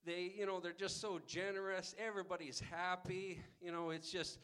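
A cheerful traveler gushes in a raised, bright voice, as a preacher puts him on. He sounds upbeat and eager to please, lifted above the speaker's usual pitch within a spoken sermon story. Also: level tone, normal speed, smooth. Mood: gushing. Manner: gushing, upbeat. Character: cheerful male traveler praising his hometown.

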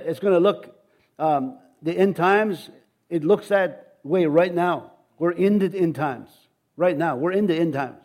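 A man's voice: fairly high pitch, darkish tone. A man preaching an informal, rambling sermon, often asking his congregation questions.

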